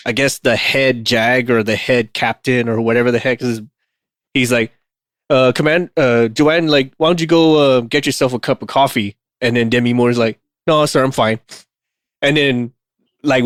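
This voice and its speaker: A male podcast co-host swaps stories in loose, casual chat. He talks in an animated way, laughs a lot and swears freely. His mid-range voice sits on a dry, close recording. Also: medium pitch, normal speed, no room sound.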